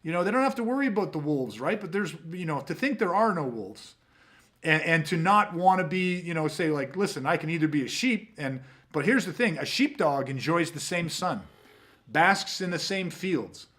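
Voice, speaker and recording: A man's voice: fairly high pitch, expressive, normal speed, fairly bright tone. A man hosting a podcast, talking in a blunt, emphatic, profane way. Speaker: podcast host. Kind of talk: casual podcast talk.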